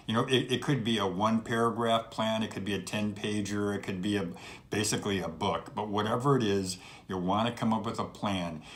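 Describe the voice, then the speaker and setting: A middle-aged man with a fairly low voice hosts an advice show. He speaks straight to the viewer in a conversational, emphatic way and drives his points home by repeating them. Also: fairly bright tone. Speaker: host. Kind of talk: advice talk to camera.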